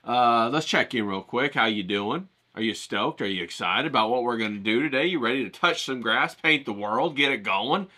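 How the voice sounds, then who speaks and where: A man's voice: mid-range voice, expressive, moderate pace, hardly any pauses, pushed and bright. A man hosting a casual drawing tutorial, hyped and rambling, coaching viewers and swearing casually as he talks. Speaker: art channel host.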